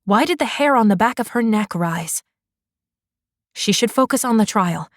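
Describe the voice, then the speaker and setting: A woman narrating a fantasy romance audiobook in a measured, unhurried manner. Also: medium pitch, animated, dry recording, clean studio sound.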